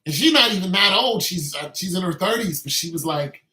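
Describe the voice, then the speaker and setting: Male commentator, emphatic repetitive ranter, bright pushed voice, echoey recording. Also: sits high, lively intonation, fairly quick. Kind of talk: opinionated monologue.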